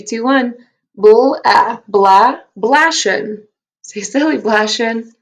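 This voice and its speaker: A woman teacher leads a recorded phonics lesson for first graders. Her voice sits at an ordinary middle pitch. She talks slowly and clearly, stays upbeat and encouraging, and carefully sounds out each letter and syllable.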